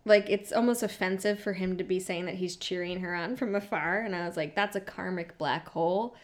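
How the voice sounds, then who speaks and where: A woman's voice: lowish voice, steady tone, brisk. A young adult woman co-hosting a casual podcast, recapping reality TV bluntly, swearing freely and laughing often. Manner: candid, profane, laughs often, quotes people in small voices. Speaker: podcast co-host.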